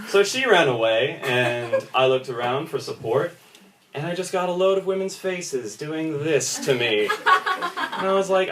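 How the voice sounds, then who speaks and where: A young man doing stand-up, his voice swinging up and down as he acts out the people in his stories. He is heard from a distance on a phone recording in an echoing pub room, with steady noise behind him. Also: mid-range voice. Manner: animated storytelling, acts out others' voices in quick bits. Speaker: stand-up comedian. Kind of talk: stand-up comedy set. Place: small pub comedy room with audience laughter. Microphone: phone recording from the audience.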